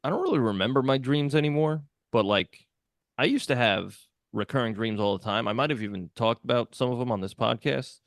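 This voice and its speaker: A man's voice: medium pitch, animated, brisk, no room sound. A man co-hosting a casual podcast, spinning a long story with plenty of swearing and laughter. His voice sits in the middle of the male range. It is recorded close and dry, with no room around it. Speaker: podcast co-host. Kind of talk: casual chat.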